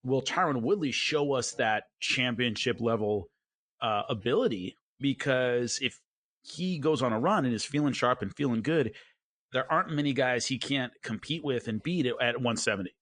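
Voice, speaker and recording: A man co-hosting a casual sports podcast, telling stories with lively acted-out quotes. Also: mid-range voice, moderate pace, no echo, clean studio sound. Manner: animated storyteller, acts out quotes. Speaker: podcast co-host and MMA commentator.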